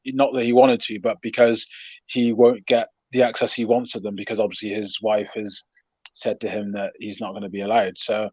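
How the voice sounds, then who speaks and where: A man's voice: mid-range voice, darkish tone, dry recording, dull audio. A man co-hosting a casual film podcast, talking earnestly and thoughtfully, laughing often. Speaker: podcast co-host. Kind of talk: casual chat.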